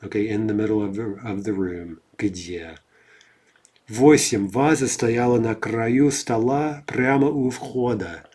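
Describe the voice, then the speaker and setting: Man, husky voice, lowish pitch, casual teacher, reads example sentences then explains, keeps asking "right?". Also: measured pace, a little mellow. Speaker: Russian language teacher.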